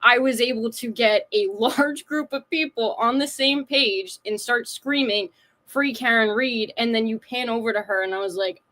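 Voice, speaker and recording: A woman chatting on a podcast, telling an animated story and acting out what people said. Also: fairly high pitch, normal speed, hardly any pauses, slight background noise. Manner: animated storyteller, acts out quotes. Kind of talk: casual podcast chat.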